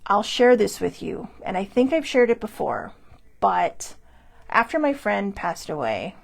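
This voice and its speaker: Female host, gravelly voice with vocal fry, frank and confessional in a personal talk. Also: medium pitch, big pitch swings, unhurried. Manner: candid, confessional. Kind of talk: personal mental health monologue.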